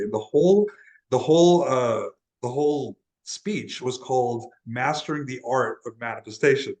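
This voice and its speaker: A man's voice: mid-range voice, moderate pace, poor audio. A young man from Texas, a guest in an interview, telling a personal story in an earnest, casual way with frequent restarts. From Laredo, Texas, USA. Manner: earnest, often restarts and repeats words. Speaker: interview guest, transformational guide.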